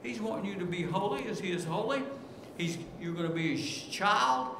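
A man preaching a sermon in earnest, repeating key words and rising in pitch as he pleads. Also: normal speed. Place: church sanctuary. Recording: echoey church room with background noise.

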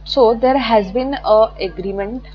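A woman's voice: a little high, a little slow, dull audio, a little hiss or hum. A woman teaching an online exam-prep lecture from slides, chatty and often correcting herself. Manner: chatty, self-correcting, repeats words.

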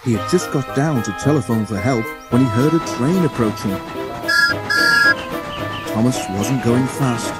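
A man narrating a children's railway story in a measured, expressive reading voice. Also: mid-range voice. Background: music.

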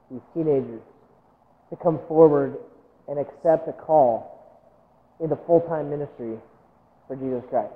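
A man's voice: fairly high pitch, in a large hall, narrow, tinny audio. A male pastor preaching a sermon in a church, telling a story and acting out quotes, with direct appeals to the congregation. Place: church sanctuary.

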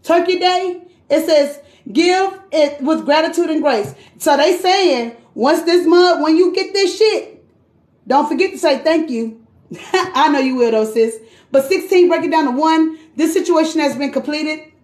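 A high-pitched woman runs a loose, chatty tarot reading, cursing freely and calling her listener queen and sis. Her voice echoes around the room as she talks. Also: a little slow, darkish tone. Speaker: tarot card reader. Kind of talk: casual live tarot reading.

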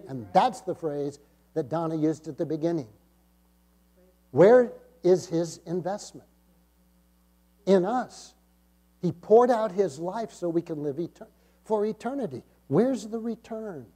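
Pastor guy preaching, fairly high but mellow voice, gets loud then drops way down. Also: lively intonation, unhurried. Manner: emphatic preaching, swells up then drops low. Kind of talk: sermon. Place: church sanctuary.

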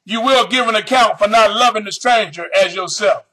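A man preaching with a very high, bright and forceful voice. He draws out scripture verses slowly, then punches key phrases in sudden shouts and throws questions straight at the congregation. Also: rough recording. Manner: fiery, reads scripture slowly then bursts into shouted emphasis; addresses the audience directly with questions. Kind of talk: sermon.

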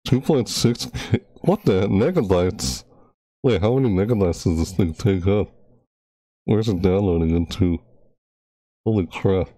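A young man streaming live, rambling casually to himself and his viewers with sudden loud yelps. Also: deep voice, expressive, moderate pace, pauses often, no echo, studio quality.

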